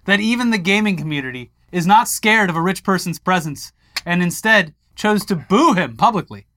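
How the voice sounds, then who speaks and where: A man's voice: high voice, expressive, moderate pace, pushed and bright. A man co-hosting a tech news show, reading articles aloud and adding wry jokes. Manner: wry, joking, reads quotes aloud. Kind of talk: casual tech news banter.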